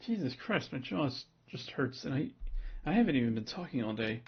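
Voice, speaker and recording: A man's voice: medium pitch, big pitch swings, brisk, breathy edge, dull audio. A man streaming himself reading a visual novel aloud, with laid-back joking asides. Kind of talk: casual stream narration.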